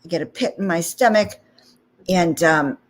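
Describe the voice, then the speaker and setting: A woman with a somewhat low voice tells a personal story as host of a spiritual talk channel. Her delivery is chatty and animated. She keeps checking in with the listener, tossing in "okay?" and "you know" as she goes. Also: moderate pace. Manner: animated anecdote with frequent 'okay?' and 'you know' asides.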